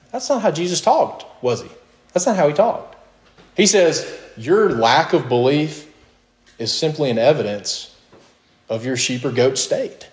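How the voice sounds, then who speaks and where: Male preacher, mid-pitched, emphatic sermon delivery with sharp rises on questions, echoey room sound. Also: lively intonation, normal speed. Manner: emphatic, rising to high questions, with short laughs.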